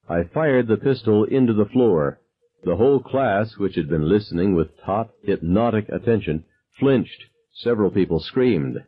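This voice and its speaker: A man narrating an audiobook in a lively, dramatic reading. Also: on the low side, normal speed. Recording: dull lo-fi sound.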